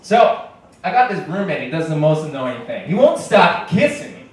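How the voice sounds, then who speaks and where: A man performing a stand-up comedy set, deadpan, with bursts of mock shouting. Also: a little high, normal speed. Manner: deadpan joke delivery, jumps to loud mock-shouting. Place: comedy club stage. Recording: echoey club taped from far off with faint hiss.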